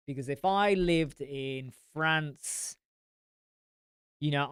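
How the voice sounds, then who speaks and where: A man's voice: on the high side, clear, resonant tone, no echo, clean studio sound. A man hosting a casual live-stream chat, blunt and rambling, swearing freely. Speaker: host.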